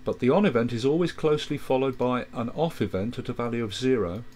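A man calmly walking through a music software tutorial, explaining step by step with quick asides. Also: medium pitch, a little hiss or hum. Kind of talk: screen-recorded software tutorial.

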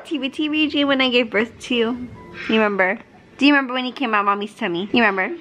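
A woman's voice: a little high, fast, loud music behind the voice. A young woman filming a casual family vlog, chatting to viewers and talking to her baby daughter. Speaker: vlogger mom.

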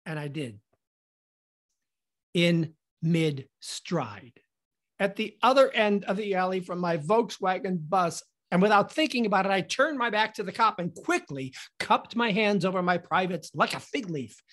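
A middle-aged man hosts his podcast and tells a funny story about himself. His delivery is animated and theatrical, and he acts out each scene as he goes. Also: high-pitched, measured pace. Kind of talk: comic personal storytelling.

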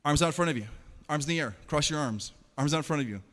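A man performing an interactive stage show for children, playfully calling out quick commands and teasing his audience. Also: on the high side, expressive, fairly bright tone. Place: large hall. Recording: long hall reverb.

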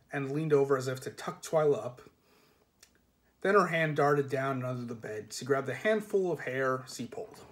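A man reading a novel aloud in a measured storybook manner, sometimes dropping soft. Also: medium pitch. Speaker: reader.

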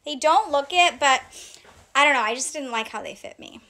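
A woman's voice: high-pitched, expressive, normal speed, pushed and bright. A woman hosting a casual live clothing sale, chatting to viewers and reading out sizes and prices. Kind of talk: casual live-stream selling chat.

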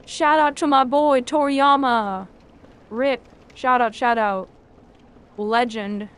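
A woman's voice: a little high, steady tone, takes it slowly, clean tone. A woman streaming a video game, chatting casually with her chat, rambling and swearing freely.

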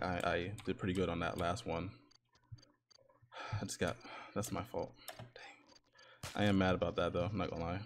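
A man hosting a gaming channel, commenting to himself as he plays a horror game, muttering at times and breaking into loud excited cheers and laughter. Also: fairly low pitch, a little hiss or hum. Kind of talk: live commentary while playing a horror game. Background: faint game music.

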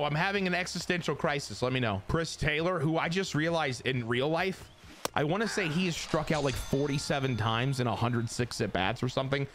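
A high-voiced young man with a wildly lively delivery, riffing over a video game as he plays. He cheers his players on, mocks his own mistakes and chats straight to his viewers. Faint game music runs underneath. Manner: excitable, self-mocking, talks to the game and chat. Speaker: gaming YouTuber. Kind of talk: casual gameplay commentary.

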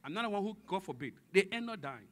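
A fast-talking, high-pitched pastor delivers a dramatic sermon at a church service, his pitch swinging widely as he moves from near whispers to shouting and draws responses from the congregation.

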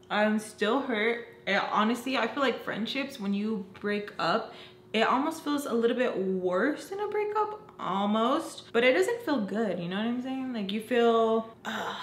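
A young woman telling a personal story in a casual, animated way, acting out what people said and filling her talk with "like". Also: medium pitch. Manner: animated, acts out quotes, lots of "like". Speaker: storyteller vlogger. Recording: echoey room with faint noise.

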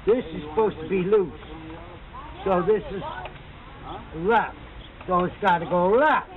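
A man's voice: sits high, measured pace. A man, rambling and swearing as he explains how he fixes a bike pedal, in unscripted documentary footage. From Massachusetts, USA. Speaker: documentary subject. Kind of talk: unscripted talk while fixing a bike pedal. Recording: harsh phone-like camera audio with loud background noise.

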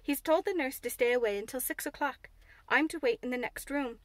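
A woman's voice: high-pitched, fairly quick, no echo, close to an everyday voice. A woman voicing an anxious, homely young housemaid in broad dialect, in a dry close recording. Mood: hurried. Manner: broad dialect, plain and warm-hearted.

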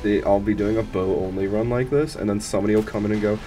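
Cursing low-voiced game streamer. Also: male voice, quick pace, soft background music. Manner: excitable, profane, talks to himself and chat. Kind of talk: live game-stream commentary.

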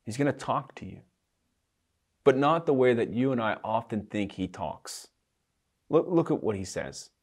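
A man preaching a conversational sermon to young adults, animated and informal, full of casual asides. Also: medium pitch, moderate pace, long pauses, breathy edge. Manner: animated, casual, frequent "you know, like" asides. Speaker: pastor. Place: online livestream for young adults.

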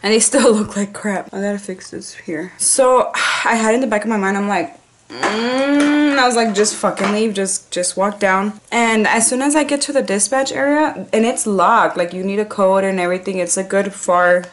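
A woman's voice: mid-range voice, steady tone, a little fast, a little hiss or hum. A woman telling a story straight to the camera in a loose, chatty vlog. She cusses freely, leans on "like" at every turn and tosses in the odd Spanish slang phrase. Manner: chatty, profane, heavy use of "like". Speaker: 911 dispatcher.

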